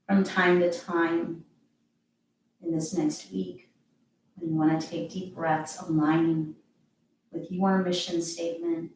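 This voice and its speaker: A woman yoga teacher guiding a relaxation with soft, calm, encouraging cues. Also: on the low side, a little hiss or hum. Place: practicing at home. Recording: very echoey room, distant mic, music behind.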